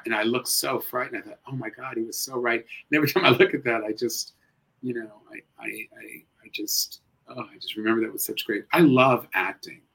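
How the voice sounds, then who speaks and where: A middle-aged man, a guest actor and comedian, chatting casually in an interview, expressive and animated, swinging between loud and hushed. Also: medium pitch, rough recording.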